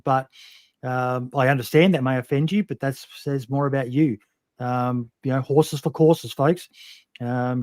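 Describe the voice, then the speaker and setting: A man's voice: mid-range voice, a little mellow, no echo. Aussie podcast host guy, blunt and sweary, lots of ums, dry close mic. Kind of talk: casual interview chat.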